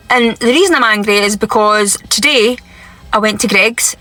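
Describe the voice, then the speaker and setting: A woman's voice: medium pitch, normal speed, sharp tone. A woman ranting angrily into her camera, swearing heavily and often checking in with "right?". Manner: exasperated, swearing, keeps asking "right?". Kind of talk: angry vlog rant.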